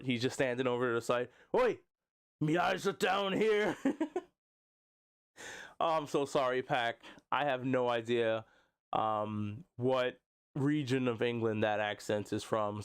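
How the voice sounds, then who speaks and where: A man's voice: mid-range voice, smooth. A man hosting a live stream, talking casually about wrestling with plenty of jokes and laughter. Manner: jokey, laughing often, drops into silly voices. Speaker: wrestling podcast host.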